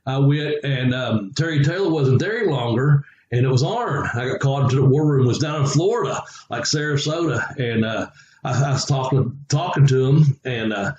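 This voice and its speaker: A man's voice: mid-range voice, animated, moderate pace, a little mellow, echoey room, highs cut off. A man, a former wrestler, telling stories in a rambling, chuckling way and acting out quoted voices. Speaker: podcast co-host, former wrestler. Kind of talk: casual storytelling chat.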